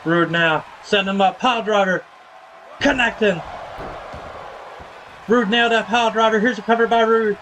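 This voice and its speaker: Male streamer, casual play-by-play caller, slightly raised pitch, light background noise. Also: normal speed, pauses often, a bit bright, a faint crowd. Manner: casual, hypes viewers with slang. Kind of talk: play-by-play game commentary.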